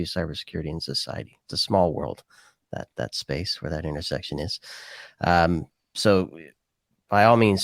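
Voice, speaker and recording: A man's voice: deep voice, creaky, no room sound, clean studio sound. A man hosting a podcast, talking casually and rambling as he thinks aloud. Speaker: podcast host.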